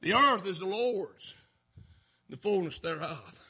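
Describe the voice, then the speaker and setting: Preacher guy, real high pitched, yells then drops way down quiet. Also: lively intonation, takes it slowly, husky. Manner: fervent preaching that swings from shouts to near-murmurs. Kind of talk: sermon.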